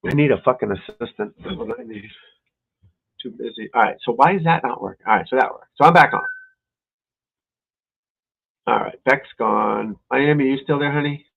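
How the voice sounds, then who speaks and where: Gravelly man cursing over tinny stream audio. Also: mid-range voice, animated, fairly quick. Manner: exasperated muttering and cursing to himself. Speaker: golf instructor and show host. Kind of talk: casual livestream chat.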